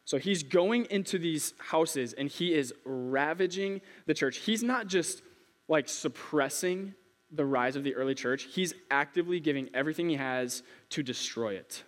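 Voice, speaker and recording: A man's voice: on the high side, normal speed. A young man giving a casual sermon, a chatty, self-deprecating storyteller who jokes before his Bible teaching. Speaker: youth preacher. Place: church hall. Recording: long hall reverb.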